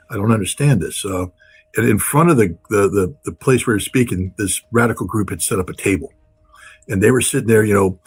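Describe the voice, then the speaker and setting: Husky, blunt-talking man. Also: on the low side, quick pace. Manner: emphatic, repetitive, blunt. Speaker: guest commentator. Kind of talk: impassioned political commentary.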